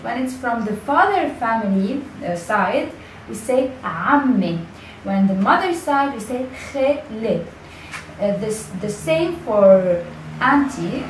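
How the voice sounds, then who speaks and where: Lebanese woman teaching in an echoey room. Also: fairly high pitch. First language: Arabic. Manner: patient, repeats words slowly, many fillers and restarts. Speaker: language teacher. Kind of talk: casual video lesson. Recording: echoey room, mic at a distance, faint background noise.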